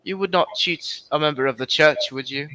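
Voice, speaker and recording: A man's voice: fairly high pitch, a little fast, bright, forceful tone, low-quality recording. A man voicing a pious male cleric adventurer who bargains with theatrical, indignant piety. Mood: wheedling.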